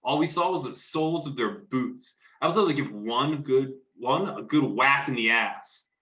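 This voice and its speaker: A man playing a rough, swearing young football fan in a staged play reading, telling of street fights. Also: mid-range voice, moderate pace, lightly acted. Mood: boastful. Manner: rough, profane, excited storytelling. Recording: roomy echo.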